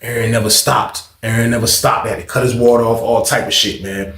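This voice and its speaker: A man telling a story casually to his viewers, animated and profane, repeating phrases for emphasis. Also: mid-range voice, brisk, roomy sound.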